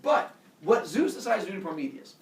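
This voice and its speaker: A man's voice: sits high, sing-song, a little fast. A male teacher tells a story to his class with playful energy, his voice rising and falling widely. He sounds far from the microphone in a roomy classroom, with faint background noise. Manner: playful, asks the class questions. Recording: echoey classroom, far from the mic.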